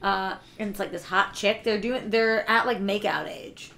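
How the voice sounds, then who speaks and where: A woman co-hosting a casual podcast chat, talking fast with lots of fillers and bursts of excitement. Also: mid-range voice, vocal fry. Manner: chatty, filler-heavy, gushes with excitement. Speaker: guest co-host.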